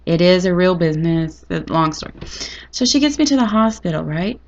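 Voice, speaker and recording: A woman's voice: fairly low pitch, lively intonation, fairly quick, highs cut off, a little hiss or hum. A woman telling a personal story in a chatty, dramatic, folksy way. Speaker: vlogger. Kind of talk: casual storytelling to camera.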